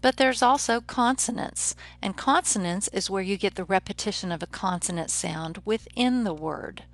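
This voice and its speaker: A woman professor giving a recorded lecture on poetry, explaining in a measured way and slowing down to read poem lines aloud. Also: mid-range voice.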